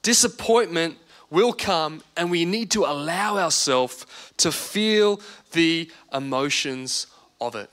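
A man's voice: fairly high pitch, lively intonation, takes it slowly, a bit bright. A man in his thirties preaching a sermon as pastor, earnest and repeating words for emphasis.

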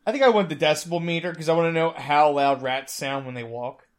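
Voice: medium pitch, quick pace, noisy background. Hesitant speaker in a casual chat. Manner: hesitant, trailing sentences.

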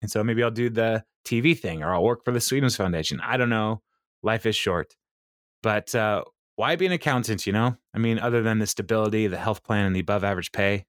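A man's voice: lowish voice, fairly quick, no room sound, clean studio sound. Laughing man recapping a sitcom. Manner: laughs often, quotes characters in animated voices. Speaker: podcast co-host recapping a sitcom. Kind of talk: casual chat.

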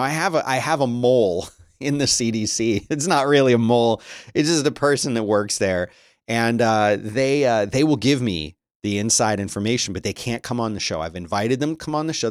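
Middle-aged male host, mid-pitch voice, chatty news commentary with exasperated rants, dry close sound. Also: dry recording. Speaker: podcast host.

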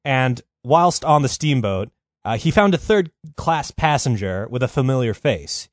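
A man's voice: mid-range voice, animated, measured pace, no room sound, clean studio sound. A man hosting a podcast, telling a history story in a loose, profane, rambling way with lots of fillers. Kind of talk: casual comedic storytelling.

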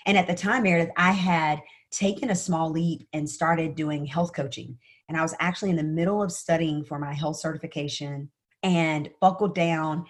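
A sales coach appearing as a podcast guest, a woman with a slightly low voice, tells her own story in conversation at a normal pace. She's earnest and animated, often addressing the host by name.

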